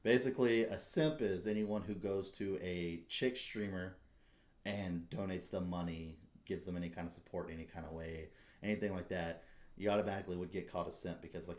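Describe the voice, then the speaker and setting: A man's voice: deep voice, fairly even intonation, a little fast, darkish tone. A young man hosting a casual podcast, talking bluntly with heavy swearing and fired-up rants. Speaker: podcast host.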